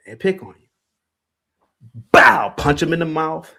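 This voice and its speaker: Male stream host: confrontational, taunting rant, pitched a bit high, very animated delivery. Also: moderate pace. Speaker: livestream host. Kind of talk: heated call-in stream rant.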